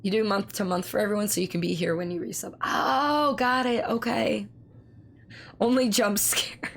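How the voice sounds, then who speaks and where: Hoarse, gravelly-voiced woman streamer. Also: mid-range voice, normal speed, slight background noise. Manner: chatty, swears freely, reads chat aloud. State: hoarse, strained voice. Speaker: live streamer. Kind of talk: casual live-stream chat.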